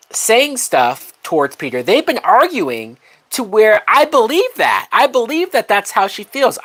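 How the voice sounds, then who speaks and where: A woman's voice: medium pitch, a bit bright. A woman hosting a live movie watch-along, talking bluntly with frequent swearing and laughter. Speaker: movie reaction host.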